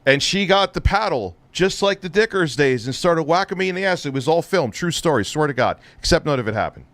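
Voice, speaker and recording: A man's voice: a little high, animated, fairly quick, a bit bright, no echo. A man hosting a live stream, ranting with heavy profanity and biting sarcasm. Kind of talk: heated live-stream rant.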